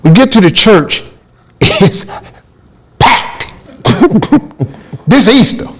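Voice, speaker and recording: A middle-aged man spins a comic story with a gravelly voice that swings widely up and down. He keeps the pitch a touch high and acts out each quote with big exclamations. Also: big pitch swings, very slow, low-quality recording. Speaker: comedian telling a story.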